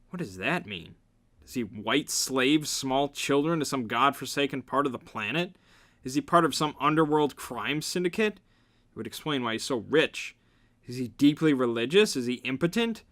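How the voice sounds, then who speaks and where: A man's voice: medium pitch, animated, normal speed. A man giving a comedic dramatic reading, narrating and breaking in with sarcastic, mocking asides. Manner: sarcastic, jumps to loud mocking outbursts. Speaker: reader, channel host.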